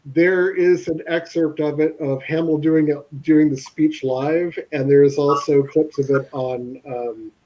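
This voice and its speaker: A man chatting casually on a panel, rambling and animated as he tells stories. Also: on the high side, measured pace, few pauses, highs cut off. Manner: rambling, animated storytelling, frequent laughs.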